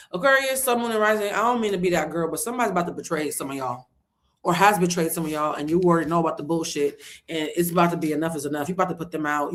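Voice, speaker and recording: Loud, animated woman reading tarot live. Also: on the low side. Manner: loud, animated, swears freely, bursts into song. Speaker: tarot reader. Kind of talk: casual livestream tarot reading.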